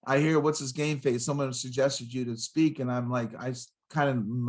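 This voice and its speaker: Excitable older man, punchy motivational speaker. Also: mid-range voice, normal speed. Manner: excitable, punchy, rhyming catchphrases, jumps between stories. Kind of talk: energetic podcast interview.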